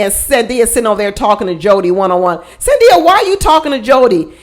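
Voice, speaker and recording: A woman hosting a casual reality show recap, blunt and sassy, often repeating her points for emphasis. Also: fairly high pitch.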